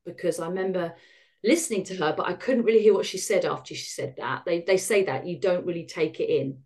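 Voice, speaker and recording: A middle-aged woman, a podcast guest, tells her personal story in a frank, self-deprecating way and acts out the dialogue she recalls. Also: on the low side. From United Kingdom.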